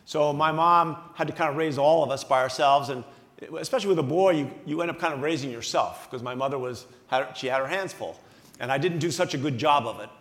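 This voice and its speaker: A man in his sixties from the Philadelphia area, a guest speaker telling a story on stage, animated and self-mocking, laughing as he talks. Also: on the high side, brisk. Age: 60s. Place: large banquet hall. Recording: echoey hall with long reverb.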